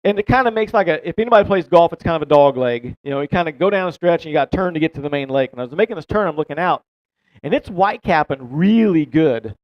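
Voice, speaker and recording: A man's voice: fairly high pitch, lively intonation, fast talker, dry recording. A man telling a long fishing story in a casual, rambling way, laughing and swearing as he goes. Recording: dull, dry close-mic sound.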